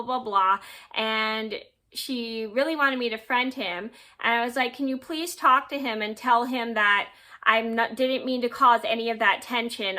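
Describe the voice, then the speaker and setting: A woman in her twenties tells a personal story straight to camera in a bright, fairly high voice. She rambles and acts out what others said, trailing off with filler phrases. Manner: rambling retelling with quoted dialogue and yada yada. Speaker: vlogger.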